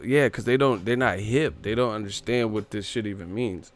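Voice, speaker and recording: A man's voice: fairly low pitch, moderate pace, few pauses, faint music behind. A man hosting a boxing livestream, ranting casually in a profane, mocking way and laughing often. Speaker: boxing show host.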